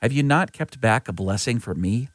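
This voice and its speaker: A man's voice: fairly low pitch, animated, normal speed, no room sound. A man voicing a young man pleading with his father after being cheated of his blessing, in an earnest scripture reading. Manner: earnest, lightly voiced reading.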